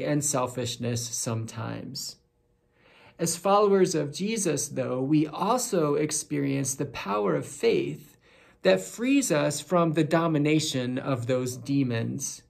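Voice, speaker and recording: A speaker giving a daily devotional message, reading scripture and reflecting on it with slow, deliberate, emphatic phrasing. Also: mid-range voice, creaky, darkish tone.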